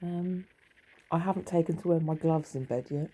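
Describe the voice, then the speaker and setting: A middle-aged woman vlogger rambles through a wry, casual monologue in her home bedroom, swearing freely. Her voice sits low and mellow at normal speed, and the recording quality is poor.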